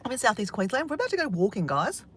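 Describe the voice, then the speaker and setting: Excitable Australian woman vlogging in wind. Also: fairly high pitch, rapid-fire. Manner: chatty, excitable, swears casually. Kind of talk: casual vlog chat. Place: outdoors by the ocean, windy.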